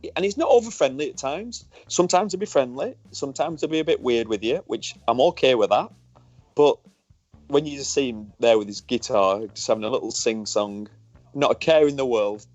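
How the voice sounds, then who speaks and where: A man's voice: medium pitch, brisk, darkish tone, no echo, faint music behind. Northern English man in his forties, podcast co-host, candid, jokey storyteller, dry close sound, slightly muffled. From northern England. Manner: candid, jokey, swears freely. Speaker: podcast co-host, former motorbike racer. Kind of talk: casual podcast chat.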